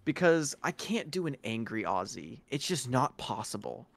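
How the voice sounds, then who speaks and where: Gravelly laughing game master, man. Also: mid-range voice, very animated, normal speed, a bit bright, no room sound. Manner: laughing, swearing freely, playful. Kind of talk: casual chat after a tabletop game.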